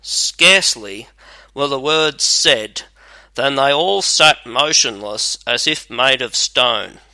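A man narrating a fairy tale in a measured, even reading. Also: medium pitch, no room sound. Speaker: storyteller.

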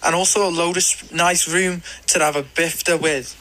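A man's voice: a little high, steady tone, normal speed, sharp tone, voice pushed up, rough recording. A man voicing a cheeky Scouse lad reviewing cars, in a put-on Scouse accent and laddish slang, played from a voice note. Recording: voice note with crowd behind.

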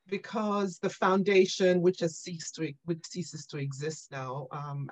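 A woman being interviewed on a podcast, telling animated stories about her career and often checking in with "right?" and "you know". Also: fairly low pitch, poor audio. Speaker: guest.

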